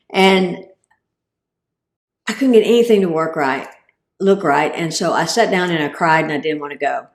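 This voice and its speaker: A cancer survivor appears as a guest speaker, giving a funny, self-deprecating talk with comic delivery. Her voice sits on the low side and sounds roomy.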